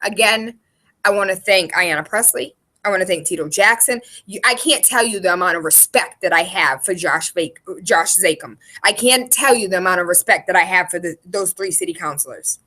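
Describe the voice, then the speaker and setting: A woman's voice: fairly low pitch, fairly quick, pushed and bright. A young woman delivering a fiery, emotional rant straight to her viewers, emphatic and profane as she speaks out as a local activist. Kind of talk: impassioned direct-to-camera rant.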